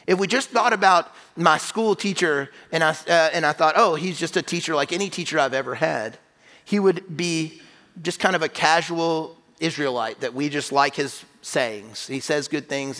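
A man's sermon fills a church sanctuary with long reverb, his voice bright, forceful, and on the high side for a man. This pastor talks in an emphatic, conversational way and keeps restarting phrases.

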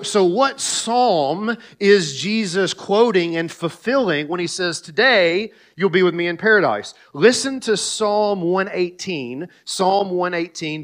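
A man with a fairly high voice delivers a sermon as pastor. He addresses the congregation directly, slipping in sarcastic asides. His delivery swings between hushed low phrases and loud, emphatic peaks.

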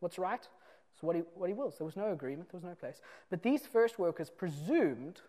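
A man's voice: sits high, animated, fairly quick. Earnest man preaching a sermon. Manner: earnest, explanatory, shifts between loud and soft emphasis.

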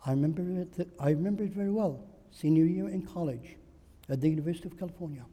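A man's voice: a little high, quick pace, warm tone, breathy edge, in a large hall. A man preaching a sermon, driving his points home with emphatic rhetorical questions and repetition.

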